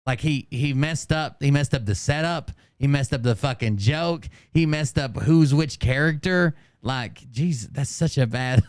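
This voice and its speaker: A man's voice: mid-range voice, a little mellow, clean tone, no room sound, clean studio sound. A man hosting a live stream, reacting to clips in a blunt, profane and sarcastic way. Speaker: channel host reacting to clips.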